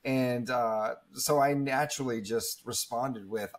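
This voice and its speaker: A man's voice: medium pitch, moderate pace, few pauses. A man in his thirties, telling a personal story in an interview in an earnest, reflective way, with many fillers and restarts. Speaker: guest speaker.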